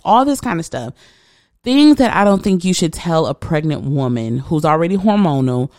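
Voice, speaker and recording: Gravelly woman telling a raw story. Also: low-pitched, no room sound, studio quality. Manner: animated retelling, acting out the people she quotes. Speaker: podcast host sharing her birth story. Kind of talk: emotional personal storytelling.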